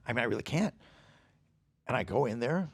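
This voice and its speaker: Older guy spinning stories on a podcast, rough gravelly voice, dry close sound, swears a lot, voice jumps all over. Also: brisk, dry recording. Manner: animated, acts out quoted people with big pitch jumps; profane, laughing as he tells it. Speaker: podcast guest. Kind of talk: casual storytelling.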